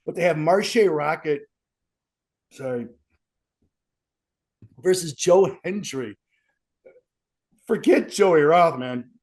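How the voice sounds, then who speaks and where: A man's voice: on the high side, lively intonation, slow, long pauses, darkish tone. A young man, a wrestler with sore ribs, rambling and self-pitying in a casual interview. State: sore ribs, wincing in pain.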